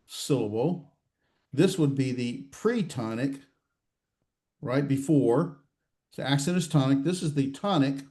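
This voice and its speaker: Halting male teacher, mellow voice. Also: mid-range voice. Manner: halting, many fillers and restarts, quizzing students. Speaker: Hebrew grammar instructor. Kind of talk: classroom lecture with student questions. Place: classroom or online class session.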